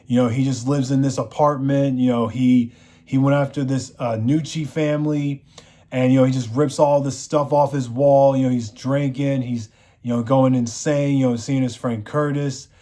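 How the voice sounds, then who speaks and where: A man's voice: medium pitch, fairly even intonation, moderate pace, dark tone. A man reviewing a TV show, recapping the plot in a rambling, casual way, full of "you know" fillers.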